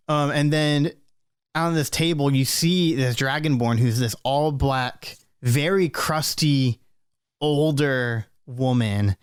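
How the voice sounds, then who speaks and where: A man's voice: mid-range voice, takes it slowly, smooth, no room sound. A man guides a tabletop game in an easygoing, rambling way, full of ums and restarts. His voice sits in the middle range and sounds dry and close. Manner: relaxed, full of fillers. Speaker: game master.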